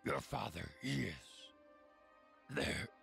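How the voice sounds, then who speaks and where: An actor voicing an ancient tiny alien Jedi master in a video game cutscene, slow and gravelly. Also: male voice, mid-range voice, animated, a bit bright, faint music behind, exaggerated voice. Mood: solemn.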